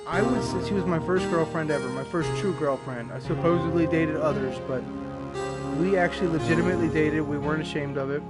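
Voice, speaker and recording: A man's voice: fairly high pitch, fairly quick. A young man streaming a game, rambling candidly and swearing freely as he tells stories. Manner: rambling, profane, candid storytelling. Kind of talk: live gameplay commentary. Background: loud game music.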